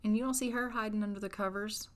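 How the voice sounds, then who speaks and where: A woman's voice: mid-range voice, fairly even intonation, quick pace. A woman narrates a life-sim game playthrough in a casual, chatty voiceover. She teases and scolds her characters with mock exasperation, in an ordinary mid-range voice. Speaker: gameplay narrator. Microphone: voiceover recorded after gameplay.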